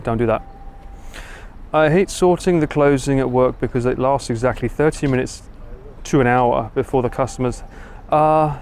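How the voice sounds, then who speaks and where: A man with an Essex accent talks casually to his live-stream viewers from a city street, answering their comments as he goes. His voice sits at an ordinary middle pitch, with faint street and traffic noise behind him. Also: darkish tone. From England. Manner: chatty, reads and answers viewer comments while walking. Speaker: livestream host.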